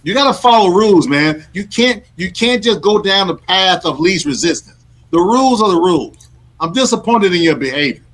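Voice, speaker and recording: A man's voice: high voice, expressive, moderate pace, fairly bright tone. A man co-hosting a casual sports talk show, teasing and mock-scolding his partner. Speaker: co-host.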